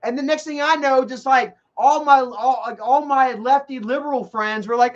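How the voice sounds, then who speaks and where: Man, very high voice, heated profane rant, rambling restarts, dull lo-fi audio. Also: normal speed, few pauses. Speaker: vlogger. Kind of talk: profane ranting monologue. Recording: dull lo-fi recording.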